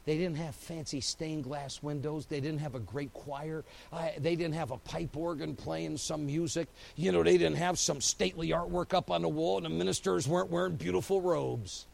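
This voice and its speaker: A man preaching a sermon as pastor. He swings from hushed, slow lines to loud, driving buildups and repeats phrases in rising, rhythmic runs. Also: on the high side, fairly even intonation, creaky, low-quality recording.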